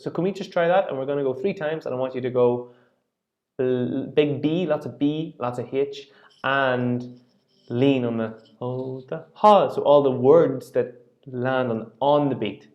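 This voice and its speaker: A man's voice: mid-range voice, a little mellow, lo-fi sound. A man teaching a singing lesson, patiently explaining rhythm and singing short phrases to demonstrate.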